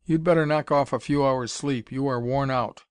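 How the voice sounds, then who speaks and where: Brief: man voicing a brisk colonel, crisp, in charge. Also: mid-range voice, steady tone, dry recording, studio quality, natural voice. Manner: crisp, orderly. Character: commanding middle-aged colonel.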